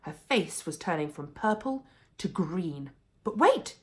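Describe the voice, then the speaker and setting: A woman reads a children's book aloud as a bedtime story. Her voice sits on the low side, and her pitch swoops constantly as she tells it. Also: a little slow. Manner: expressive, animated storytelling.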